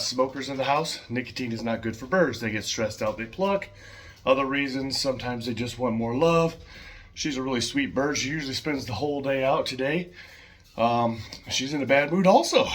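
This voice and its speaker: A man talks about his birds at home in a loose, rambling way, full of little fillers and quiet laughs. His voice sits at an ordinary middle pitch. It sounds like a relaxed home video. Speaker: pet owner showing his birds. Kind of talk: casual home vlog.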